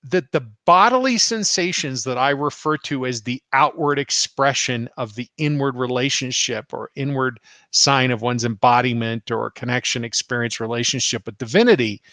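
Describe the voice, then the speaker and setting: Laughing spiritual teacher on a live stream. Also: male voice, mid-range voice, moderate pace, dry recording. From United States. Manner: laughs often, animated retelling.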